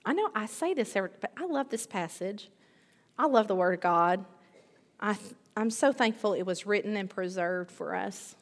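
A woman's voice: mid-range voice, lively intonation, normal speed. A middle-aged woman preaching a sermon, emphatic, repeating key phrases and building in intensity. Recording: long reverb of a large hall.

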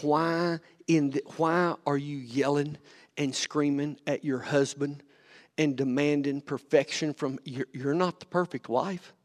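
A male pastor preaching a sermon, rising to near-shouts and repeating his words as he presses his point. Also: a little high, steady tone, unhurried. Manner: repeats and stumbles over words. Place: church sanctuary. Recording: long hall reverb from a sanctuary.

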